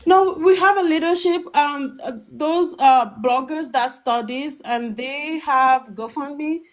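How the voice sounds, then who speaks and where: A fairly high-voiced woman speaks over a phone line as a caller on a live talk show. She talks with raw emotion, circling back and repeating phrases as she presses her point. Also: takes it slowly. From Togo. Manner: emotional, repeats and restarts words. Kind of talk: impassioned call-in testimony.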